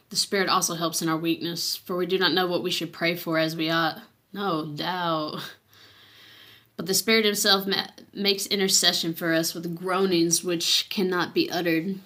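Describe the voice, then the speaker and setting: Earnest, halting woman with a lowish voice. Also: a bit bright. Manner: halting and earnest, with many restarts and fillers. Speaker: vlogger sharing her faith testimony. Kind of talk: casual personal testimony, reading from her journal.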